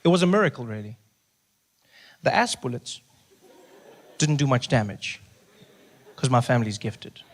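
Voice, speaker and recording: A man performing stand-up comedy, telling a story in an animated, exasperated way. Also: medium pitch, normal speed, long pauses, noisy background.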